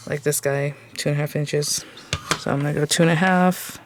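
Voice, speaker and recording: A woman's voice: low-pitched, steady tone, normal speed, noisy background. A woman hosting a casual crafting tutorial, chatting and thinking aloud with lots of fillers as she works. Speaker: craft channel host.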